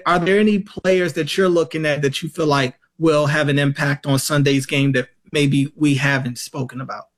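A man's voice: fairly high pitch, steady tone, moderate pace, hardly any pauses. Rambling man hosting sports talk. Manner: rambling, loosely built questions.

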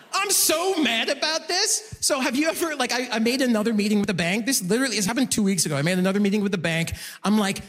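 High, lively man doing stand-up. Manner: animated, loud jokey delivery with voiced characters. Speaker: stand-up comedian. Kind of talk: stand-up comedy set. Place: large concert hall stage. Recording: live hall recording with reverb. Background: audience laughter.

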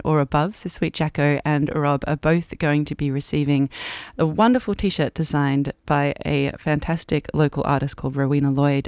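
A woman's voice: low-pitched, darkish tone, dry recording. A woman with an Australian accent hosting a breakfast radio show from a studio, chatting casually and emotionally, laughing often. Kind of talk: casual on-air chat. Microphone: studio microphone.

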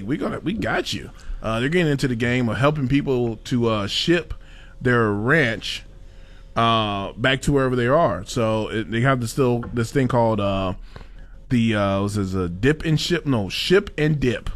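A man's voice: mid-range voice, normal speed, fairly bright tone. A man hosting a casual talk show, reading a sponsor spot and rambling with lots of fillers and chuckles. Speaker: show host. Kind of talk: casual chat with a sponsor read.

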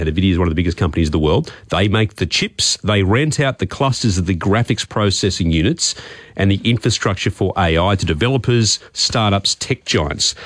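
An Australian man delivering a market update on radio in an explanatory tone. His voice is on the low side. The sound is dry and close. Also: no room sound. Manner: informative, with occasional restarts. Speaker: finance reporter.

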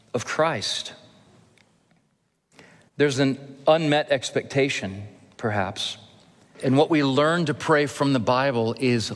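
A man preaching a sermon as a church pastor, earnest and gently humorous, with emphatic pauses. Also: medium pitch. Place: church sanctuary. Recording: long reverb of a church hall.

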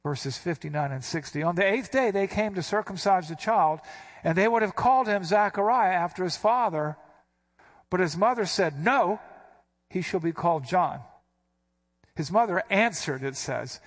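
A man with a slightly higher-than-usual voice preaching a verse-by-verse sermon. He explains Greek word meanings in a conversational way and gives quoted lines a sharp, emphatic punch. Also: expressive, normal speed. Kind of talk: expository sermon.

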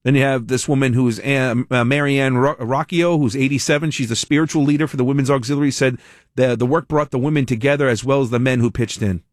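A man's voice: mid-range voice, fairly even intonation, quick pace, no echo. Male radio host, conversational and wry, dry close studio mic. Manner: wry, conversational, reads news aloud with asides. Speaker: radio talk show host. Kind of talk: talk radio monologue and call-in.

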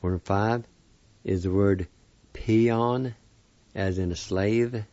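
Slow, low-voiced man teaching a language. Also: steady tone, dark tone, no echo, muffled recording. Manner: slow, careful syllable-by-syllable spelling and pronunciation. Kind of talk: weekly language lesson.

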